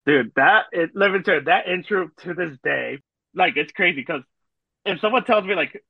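Guy reminiscing about a game, kinda high voice, dull muffled audio with no room. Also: moderate pace, vocal fry, husky, dry recording. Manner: nostalgic, rambling with many fillers. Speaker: podcast co-host. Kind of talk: casual chat.

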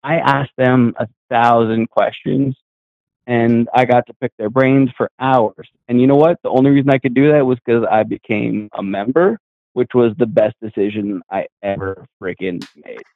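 A man's voice: medium pitch, fairly even intonation, moderate pace, no echo. A male caller on a phone line, talking effusively and gratefully to the hosts. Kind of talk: call-in chat.

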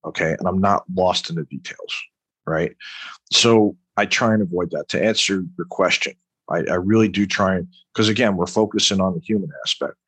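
A man's voice: sits low, fairly even intonation, normal speed, fairly bright tone, breathy edge, no echo. A man from Long Island, an author and veteran, talking at length in an interview, emphatic and rambling, often tagging "right?". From Long Island, New York. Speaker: author, military veteran guest. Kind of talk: conversational interview.

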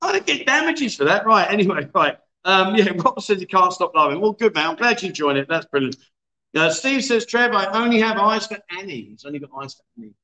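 A chatty host in his fifties, cracking jokes and laughing as he reads viewer comments aloud. His voice sits high and sounds bright and lively. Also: fairly quick, echoey room. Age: 50s. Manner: jokey, laughing, chatty banter. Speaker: livestream host. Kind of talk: casual livestream chat reading viewer comments. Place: bar in a city.

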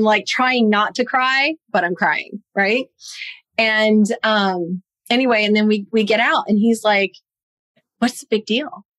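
A woman telling a personal story in a podcast conversation, lively and acting out quoted lines. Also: medium pitch, dry recording. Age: adult, parent of a young son. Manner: animated, acts out her own and others' quoted lines.

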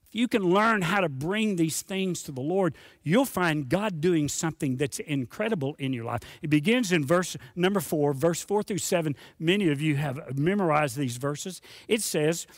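A man's voice: a little high, no room sound, studio quality. A middle-aged man preaching a sermon as a pastor, earnest and conversational, repeating words for emphasis.

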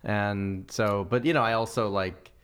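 Laid-back comedian guy, lowish voice, smooth, easy storytelling. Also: steady tone, measured pace, a bit bright. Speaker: touring stand-up comedian. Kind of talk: casual chat.

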